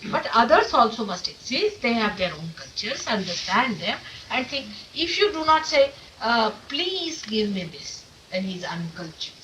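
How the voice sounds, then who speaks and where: A woman teacher talks to a gathering of followers and presses her points with pointed rhetorical questions. Her voice is bright and forceful and sits a little high. It was caught on an old tape from some way off the mic, with a faint hiss underneath. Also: very animated, normal speed, few pauses, distant mic, poor audio. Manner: emphatic, full of rhetorical questions. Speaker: spiritual teacher. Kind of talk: informal talk to followers. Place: meeting room of an ashram.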